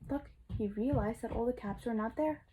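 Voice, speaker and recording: A woman teacher reading a picture book aloud to young children, expressive and asking them questions, dropping to whispers for asides. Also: on the high side, normal speed, slight background noise, rough recording. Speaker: kindergarten teacher.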